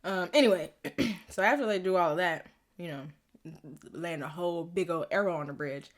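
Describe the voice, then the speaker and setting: A young woman giving a casual, excitable recap and reaction to a TV episode, acting out lines as she retells them. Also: fairly low pitch, moderate pace. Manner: excitable, animated retelling with quoted voices. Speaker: recap reviewer.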